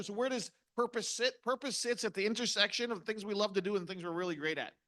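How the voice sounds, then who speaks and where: A man's voice: high-pitched, a bit bright. Punchy motivational speaker, a man. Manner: punchy, asks the audience questions. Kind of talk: motivational seminar talk.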